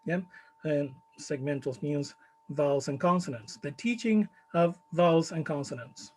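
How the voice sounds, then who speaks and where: A man with a Chilean Spanish accent presenting his study in a conference talk, measured and full of fillers. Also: a little high, rough recording. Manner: measured, many fillers, stresses key words.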